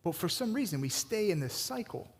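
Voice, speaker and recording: Energetic preaching man in a reverberant church. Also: sits high, a little fast. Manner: energetic, conversational preaching with fillers. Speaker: pastor. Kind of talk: sermon.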